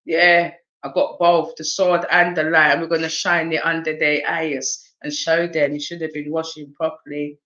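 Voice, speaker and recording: A woman with a South East London accent giving an oracle card reading in a casual livestream chat, animated and laughing, with streetwise slang and swearing. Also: sits low, moderate pace, hardly any pauses, lo-fi sound.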